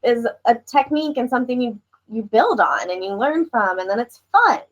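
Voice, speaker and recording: A woman guest artist chats on a relaxed podcast in a somewhat high voice. She talks with enthusiasm, wanders off on tangents and laughs easily. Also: normal speed, muffled recording. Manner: giggly, rambling, enthusiastic. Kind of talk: casual podcast interview chat.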